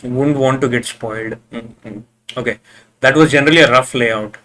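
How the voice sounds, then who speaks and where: A man giving casual live reaction commentary, excitable, cheering and groaning at the screen, often repeating himself as he talks. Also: mid-range voice, moderate pace, a little hiss or hum. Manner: repeats words and restarts often. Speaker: reaction video host.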